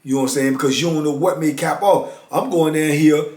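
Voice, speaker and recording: A man's voice: on the high side, fairly even intonation, a little fast, a little mellow. Blunt streetwise middle-aged man storytelling. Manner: blunt, streetwise, repeats "you know what I'm saying". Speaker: former prisoner and motivational speaker. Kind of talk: casual storytelling. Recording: echoey room.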